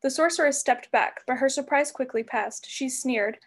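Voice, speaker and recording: A woman reading a novel aloud as narrator, with expressive storybook delivery. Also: sits high, normal speed, hardly any pauses. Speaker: reader.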